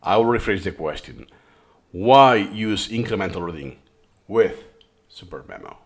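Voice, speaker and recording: A man's voice: sits low, animated, a little slow, gravelly. A man who speaks English as a third language, explaining a study method in a reaction-style lesson with frequent restarts. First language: not English. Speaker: course host.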